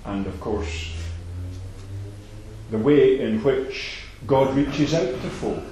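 A man preaching a sermon, emphatic and repetitive, swinging between loud declarations and soft asides. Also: mid-range voice, animated, slow, slight background noise. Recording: very echoey hall.

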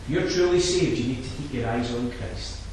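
A man preaching a sermon, swinging from low quiet asides to loud impassioned climaxes and repeating his key phrases. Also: expressive, normal speed. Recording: very echoey, from a distance, faint background noise.

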